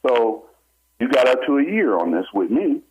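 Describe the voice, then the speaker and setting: A man's voice: mid-range voice, very animated, normal speed, darkish tone. A man, a barber and homeowner, telling his own story to a talk show host with urgency and acting out what other people said. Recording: slightly muffled with faint noise.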